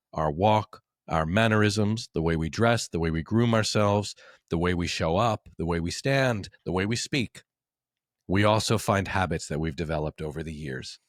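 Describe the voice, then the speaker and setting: A man's voice: deep voice, dry recording, clean studio sound. A man in his forties, a men's coach, talking in a podcast conversation with an emphatic coaching delivery.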